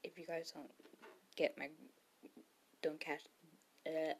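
A woman's voice: low voice, little pitch movement, slow pace, slight background noise. A woman retelling a story in casual chat, rambling with fillers and self-corrections, and sometimes dropping to a whisper for quotes.

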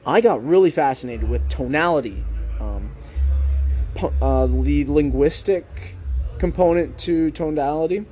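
Podcaster man with a mellow voice. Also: a little high, expressive, soft background music. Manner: deliberate, rising and falling tone to keep listeners hooked; conversational, with filler "like" and rhetorical questions. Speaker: podcast host. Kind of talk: casual book-review podcast monologue.

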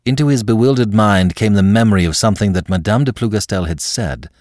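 A man narrating a classic novel in a dramatic, expressive way. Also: lowish voice, fast, no room sound, clean studio sound. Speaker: audiobook narrator.

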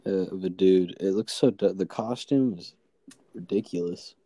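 Laid-back slangy man, low voice. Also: moderate pace, warm tone, dry recording. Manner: laid-back, slangy, jokey, says "dude" often. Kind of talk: casual chat.

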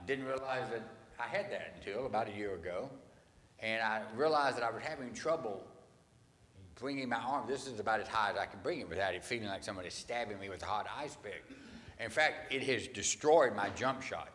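A man delivers a sermon in an animated, storytelling way. He slips into acted voices for quoted lines and keeps a casual, conversational tone. His voice rings out with long reverb, as in a church hall. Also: mid-range voice. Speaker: pastor.

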